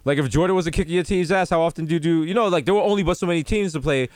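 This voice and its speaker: A man, co-hosting a casual comedic chat and acting out stories with lively put-on voices. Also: a little high, racing, dry recording. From New York. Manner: animated storytelling, acts out other voices. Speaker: podcast co-host.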